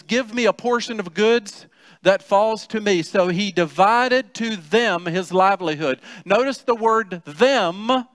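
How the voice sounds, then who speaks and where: A man's voice: high voice, fairly bright tone, no echo, in a large hall. A man preaching a sermon as pastor, talking conversationally with rhetorical questions and acted-out quotes. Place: church sanctuary.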